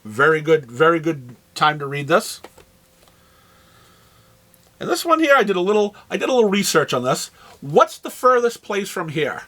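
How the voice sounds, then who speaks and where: A man with a New England accent and a high voice talks casually through a shop's new arrivals. He rambles, trails off and restarts his phrases, with plenty of ums along the way. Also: sing-song, moderate pace, pauses often, sharp tone. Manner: rambling, with frequent fillers and restarts. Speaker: comic shop host. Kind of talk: casual product rundown.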